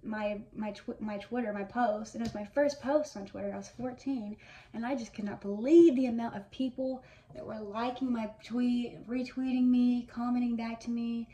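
A woman's voice: on the high side, steady tone, normal speed, dark tone. Gushing young woman, roomy distant sound. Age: around 20. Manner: gushing fan storytelling with many fillers. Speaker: vlogger. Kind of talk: casual reminiscing monologue. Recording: echoey room, mic at a distance, faint noise.

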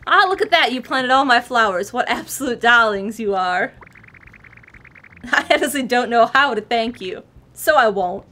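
A woman putting on a posh, theatrical lady who calls everyone darling, drawling her lines with lofty disdain. The voice sits a little high, a playful game read-through. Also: fairly quick, few pauses, a bit bright. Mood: haughty.

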